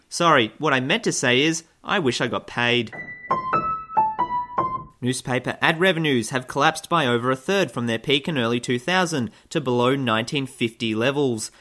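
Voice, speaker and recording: A man reading satirical news items in a mid-pitched voice. He moves from flat news delivery to sarcastic, mock-cheerful asides. His tone stays dry and wry. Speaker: comedy news host.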